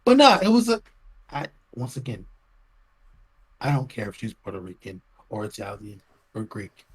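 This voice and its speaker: A man co-hosting a podcast, talking excitedly, interrupting and stammering through restarts. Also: medium pitch, moderate pace, husky. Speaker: podcast co-host. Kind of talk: heated casual podcast talk.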